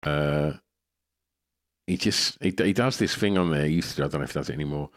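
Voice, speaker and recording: Deep-voiced swearing podcast co-host. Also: male voice, fairly quick, faint music behind. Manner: swearing, laughing storyteller. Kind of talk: casual chat.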